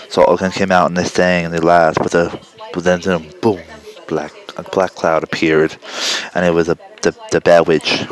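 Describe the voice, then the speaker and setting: A man's voice: sits low, little pitch movement, low-quality recording. A man improvising a crude comic story, rambling and often stopping to correct himself. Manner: rambling, halting, self-correcting.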